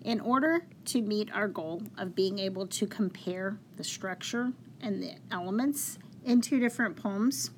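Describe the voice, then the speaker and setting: Woman teacher, slow and patient, step-by-step poetry lesson, faint room hum behind. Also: medium pitch. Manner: patient, explains step by step, counts syllables aloud slowly.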